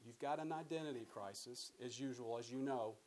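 A man's voice: mid-range voice, brisk, darkish tone, poor audio. A man teaching a Bible study in a conversational way, often repeating words and putting questions to his listeners. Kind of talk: sermon-style Bible teaching.

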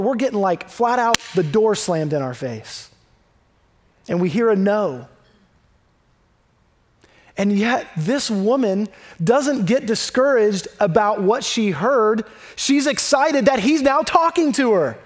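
A man delivering a sermon in a relaxed, conversational style. His voice sits unusually high for a man. He leans into key words for emphasis and sinks low and soft when he reads the text. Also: measured pace. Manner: conversational, emphatic, drops low and quiet for scripture. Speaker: preacher.

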